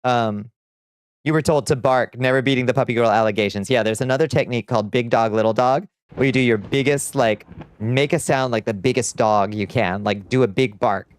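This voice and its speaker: Chatty streamer with a smooth, dry voice. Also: male voice, medium pitch, fairly quick, dry recording. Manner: chatty, laughs often, reads out chat. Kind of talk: casual livestream chat.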